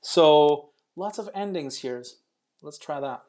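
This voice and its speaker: A man with a fairly high voice walks learners through an online pronunciation lesson. He is chatty and encouraging, and he explains things step by step with plenty of ums. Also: lively intonation, slow pace, darkish tone. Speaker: English pronunciation teacher.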